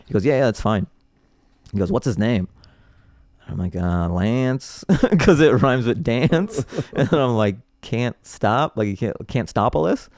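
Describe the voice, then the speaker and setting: A man's voice: medium pitch, a little slow, no echo, studio quality. A man who is a comedian guest, telling stories in casual podcast chat and laughing often. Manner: animated storyteller, laughs often.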